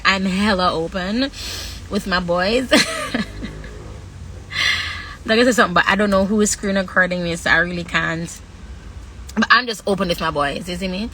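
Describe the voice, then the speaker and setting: Woman, candid livestream talk, frank and halting, bright tense tone. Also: medium pitch, slight background noise, poor audio. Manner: frank, halting, drawn-out pauses.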